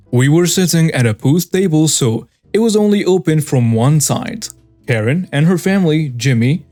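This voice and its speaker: A narrator reading a written story with a mid-pitched voice that swings widely up and down. The delivery is scripted and animated, and soft music plays underneath the whole time.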